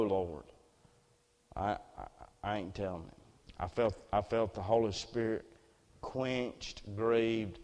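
A man preaching a sermon as personal testimony, earnest storytelling that drops to near hushes and rises again. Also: mid-range voice, big-room sound.

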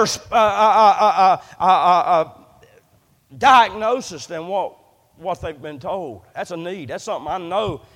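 Man, pastor, fiery sermon, high voice, long church-hall reverb, loud-soft swings. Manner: impassioned preaching, repeats words, swings loud and soft. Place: church sanctuary.

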